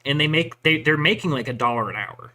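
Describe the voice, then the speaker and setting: A man with a bright voice rambles through casual stories, swearing freely and laughing at his own jokes. He talks like a veteran chatting with a friend, loose and unscripted. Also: fairly high pitch, a little fast. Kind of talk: casual chat.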